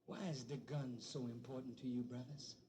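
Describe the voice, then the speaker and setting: A man preaching a sermon to a live audience, climbing into shouts and drawing out quoted lines. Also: medium pitch, fairly even intonation. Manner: preaching, rising to shouts, drawn-out quotations. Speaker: minister. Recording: noisy old speech recording.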